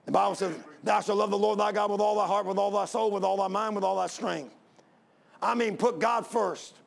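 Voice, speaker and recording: A man's voice: high-pitched, fairly even intonation, a little fast, gravelly. A man preaching a sermon and telling a personal story, fervent and rising to emphatic pleas.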